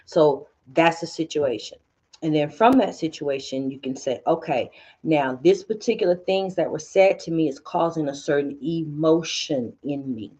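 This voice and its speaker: A woman hosting a spiritual teaching talk, calmly coaching listeners and acting out their inner dialogue. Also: low voice, normal speed, husky. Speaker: host.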